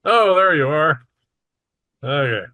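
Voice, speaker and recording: A man running a tabletop game as game master, narrating in a relaxed, matter-of-fact way with small asides. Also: a little high, takes it slowly, no room sound.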